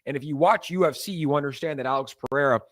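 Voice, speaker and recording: A young man hosting a crypto livestream, talking to viewers in a loose, animated, ranting way. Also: a little high, fast. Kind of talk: casual livestream talk.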